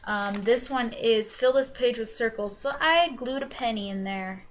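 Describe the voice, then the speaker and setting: A woman's voice: a little high, moderate pace. A young woman rambles to her webcam, her accent slipping between New York and the Carolinas. She is chatty and loose, with plenty of ums and restarts. A faint hiss sits under the recording. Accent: mixed New York and Southern US. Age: young adult. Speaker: vlogger. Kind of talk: casual chat. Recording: webcam with faint background noise.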